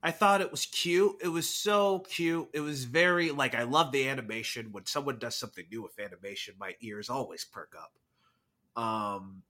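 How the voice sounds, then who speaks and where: A man's voice: medium pitch, normal speed, sharp tone. A man co-hosting a movie podcast, chatting casually in a giggly, playful way. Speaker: podcast co-host. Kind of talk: casual chat.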